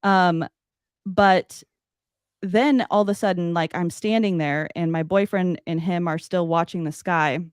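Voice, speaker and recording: A woman telling a personal story as a podcast guest, animated and loose, with many "like" fillers. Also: fairly low pitch, no echo, clean studio sound. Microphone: podcast studio mic.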